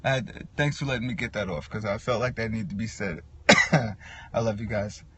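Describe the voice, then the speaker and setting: A man ranting in a casual, profane monologue, animated and quick to act out what others said. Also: fairly low pitch, husky. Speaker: podcast host.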